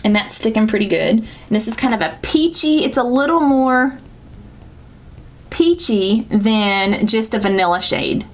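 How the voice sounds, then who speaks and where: A woman's voice: a little high, expressive, a little slow. A woman with a Southern US accent, chatting and rambling through a casual makeup tutorial as a beauty vlogger. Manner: chatty, rambling, self-correcting with laughs.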